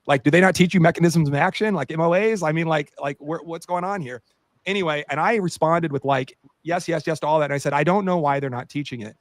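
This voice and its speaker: A man co-hosting a podcast, a doctor telling an animated story in casual chat with many fillers. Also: a little high, quick pace, dry recording.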